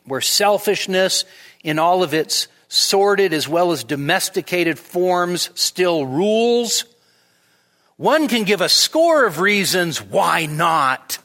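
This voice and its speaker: A man preaching in a church sanctuary, with a high-pitched voice. He delivers an expository sermon with emphatic stresses. The long reverb of the hall trails each phrase. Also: lively intonation, takes it slowly, bright, forceful tone. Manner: emphatic, rises sharply on quoted lines. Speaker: pastor.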